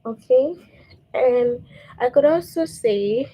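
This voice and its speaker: A woman teacher with a warm, slightly high voice patiently teaches grammar to young children, reading example sentences aloud and checking in with "okay?" She speaks slowly with long pauses, and the recording quality is low.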